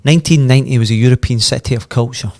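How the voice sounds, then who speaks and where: A Scottish man in his fifties with a Glasgow accent, a podcast guest telling old football stories in a lively way, swearing and laughing as he goes. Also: mid-range voice, racing. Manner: animated, laughs and swears freely while telling. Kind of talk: casual anecdote storytelling.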